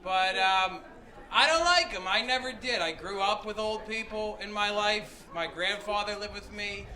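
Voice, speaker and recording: A young man telling a stand-up story, animated, jumping into loud high voices for the people in it. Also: moderate pace, poor audio. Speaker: stand-up comedian. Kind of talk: stand-up comedy set. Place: comedy club stage. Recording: live club with crowd laughter. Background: audience laughing.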